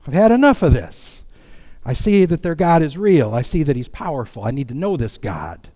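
A man voicing an exasperated ancient king ordering prisoners released, loud and blustering, in a reverberant hall. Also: a little high, big pitch swings, normal speed.

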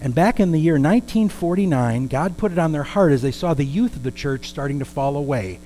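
A man's voice: on the high side, lively intonation, a little fast, dark tone, slight background noise, poor audio. A man preaching a storytelling sermon in a conversational way, with asides and questions to the congregation.

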